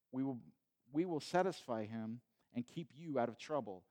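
Man preaching a chatty sermon. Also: medium pitch. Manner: conversational, animated retelling with playful asides. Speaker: pastor.

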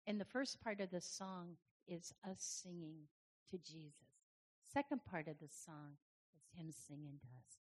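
A woman preaching in a relaxed, conversational way, stopping to chat with people in the pews. Her voice sits fairly low and has a husky edge. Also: a little slow. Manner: conversational, chatty with the audience, many restarts. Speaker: church speaker. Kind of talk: informal sermon to a congregation.

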